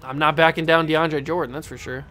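A young man giving casual live commentary on a basketball video game, getting worked up and yelling at his players, then owning his mistakes. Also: on the high side, fairly quick, soft background music. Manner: excitable, yells at his players, then blames himself. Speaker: gaming YouTuber playing a basketball video game.

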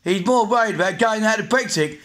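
A man in his forties with an English accent and a rather high voice, venting in an agitated, repetitive rant. He swears freely and hammers the same blunt points over and over, talking straight to his camera. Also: fairly quick, a bit bright. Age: 40s. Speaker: vlogger.

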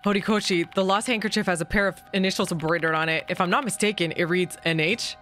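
A woman reading the lines of a calm, polite young male student investigator in a horror game. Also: lowish voice, soft background music, close to an everyday voice. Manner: polite, measured questioning.

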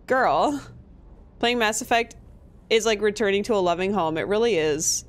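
Speaking at medium pitch and a moderate pace, this young streamer from Minnesota chats through her gameplay casually, cursing freely and laughing a lot.

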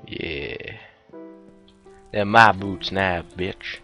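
A man giving cheeky, casual gameplay commentary, swearing often and breaking into sudden high, excited yelps. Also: very slow, faint music behind. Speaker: let's player.

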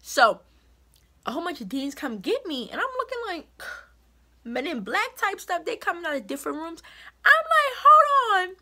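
A young woman vlogger tells a storytime straight to the camera, emphatic and indignant. Her voice is high and bright, and her pitch swings widely as she tells it. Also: big pitch swings, moderate pace. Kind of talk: storytime vlog.

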